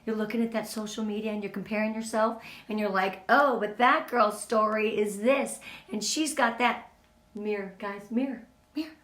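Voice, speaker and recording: A woman's voice: mid-range voice, moderate pace, fairly bright tone. Earnest motivational woman in an echoey room. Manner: earnest and emotional, speaks to the group directly. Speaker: team leader giving a motivational talk. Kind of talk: casual motivational talk.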